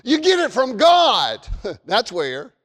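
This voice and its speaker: Southern man preaching, very high voice, fervent, long church echo. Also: wildly swooping pitch, slow. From American South. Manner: fervent, shouts warnings then drops to folksy storytelling. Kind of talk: sermon.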